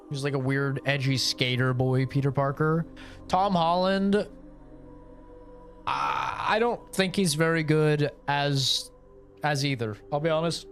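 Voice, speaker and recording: Slow-talking, profane young male streamer. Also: fairly high pitch. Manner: swearing, excitable, rants loudly. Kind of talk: casual gameplay commentary.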